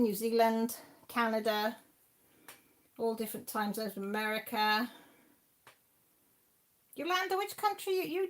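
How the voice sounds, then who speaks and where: This is a Welsh woman in her sixties who hosts her own live stream. She chats on casually and reads viewer messages out one after another, her voice sitting at an ordinary middle pitch. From Wales. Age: 60s. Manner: chatty, rambling, reads viewer comments aloud. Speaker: channel host reading live chat.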